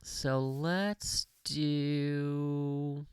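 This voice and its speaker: A man's voice: a little high, fairly even intonation, drawn-out words, clean tone, no echo. A man from the United States hosting a gaming livestream, rambling, chuckling often and muttering to himself as he plays. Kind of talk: casual gameplay commentary.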